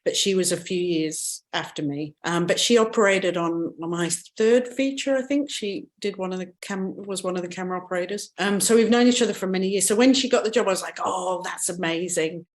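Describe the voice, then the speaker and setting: A woman from the English Midlands with a mixed English and Australian accent, chatting casually as an interview guest, with relaxed ums and restarts. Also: medium pitch, fairly quick, hardly any pauses. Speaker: cinematographer guest.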